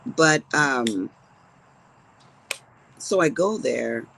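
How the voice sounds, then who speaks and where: A low, gravelly woman's voice with a lot of rasp in it, belonging to a woman in her fifties. She chats and tells stories to her viewers as she works on a craft project. Her pitch swings widely from phrase to phrase. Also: lively intonation, drawn-out words, fairly bright tone, a little hiss or hum, low-quality recording. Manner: chatty storyteller talking to viewers as she works. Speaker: crafting vlogger. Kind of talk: casual chat while crafting.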